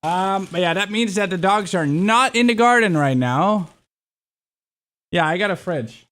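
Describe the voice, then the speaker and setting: A young man talks to his stream in a loose, rambling way, excitable and quick to swear. His voice sits a bit high for a man. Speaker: livestreamer. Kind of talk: casual livestream chat.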